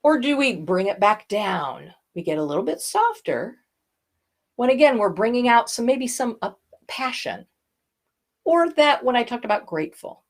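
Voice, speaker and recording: A woman voice coach teaching, expressive as she demonstrates airy and edgy tones with her own voice. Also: fairly high pitch, moderate pace. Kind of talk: instructional talk.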